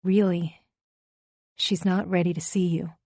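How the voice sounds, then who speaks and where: A woman reading an audiobook, voicing a smug young female rival who talks calmly and condescendingly. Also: fairly low pitch, a little slow, no room sound. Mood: hushed. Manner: calm, falsely sweet, condescending. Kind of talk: audiobook character voice.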